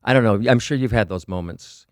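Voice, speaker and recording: A middle-aged man telling stories as a podcast guest, excited and profane, acting out the people in his anecdotes. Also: on the low side, a little fast, no echo, studio quality. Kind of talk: animated storytelling.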